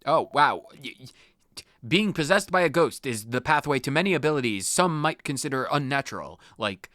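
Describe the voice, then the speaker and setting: Man, let's play host, wry joking commentary, mid pitch, dry close sound. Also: animated, normal speed, bright, forceful tone, no room sound. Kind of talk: casual game commentary.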